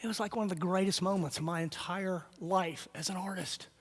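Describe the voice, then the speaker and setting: A man telling animated stories as a speaker at a conference, acting out the voices of the people he quotes. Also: sits high, a little fast, few pauses, long reverb tail. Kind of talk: storytelling talk.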